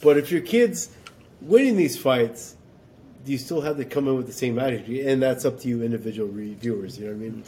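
A man co-hosting a casual podcast, joking and animated, sometimes shouting for a gag. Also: mid-range voice, brisk, slightly rough. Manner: animated, jokey, shouts mock all-caps readings. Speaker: podcast co-host. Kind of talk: casual chat.

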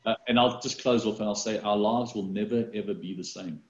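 A man speaking as an interviewed business executive over a video call, halting with many fillers and restarts. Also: fairly low pitch, a little mellow. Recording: roomy, dull video call audio.

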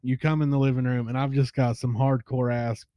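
A man's voice: medium pitch, level tone, a little fast, dark tone, clean tone, no echo. Brief: man, host, crude joker, plain middle voice. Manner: teasing, crude jokes. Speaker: podcast host. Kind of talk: casual chat.

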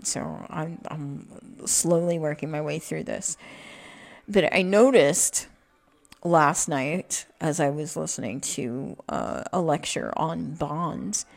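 Gravelly woman rambling with many fillers. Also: low voice. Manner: halting, many fillers and restarts, laughs often. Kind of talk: rambling reflective monologue.

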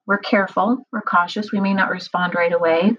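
A middle-aged woman speaking earnestly about her own experience in a personal monologue, often pausing on "um". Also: on the low side, steady tone, a bit bright, slight background noise. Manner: earnest, explanatory, many filler ums. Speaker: survivor sharing personal experience. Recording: dull lo-fi recording.

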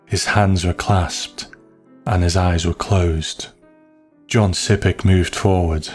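A man narrating a story in a slow, measured, hushed way. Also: low-pitched, fairly even intonation, soft background music.

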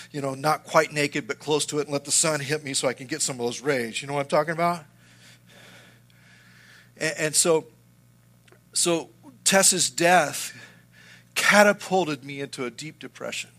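A middle-aged man preaching a sermon and telling a personal story, earnest and moving between loud and hushed. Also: fairly high pitch. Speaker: pastor.

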